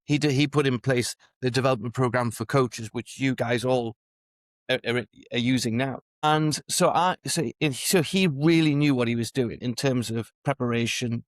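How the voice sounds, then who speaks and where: A man's voice: medium pitch, no room sound. A middle-aged man, a former gymnast and coach, telling long anecdotes in a casual interview, rambling with frequent restarts. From England. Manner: rambling, restarts often, chuckles through anecdotes.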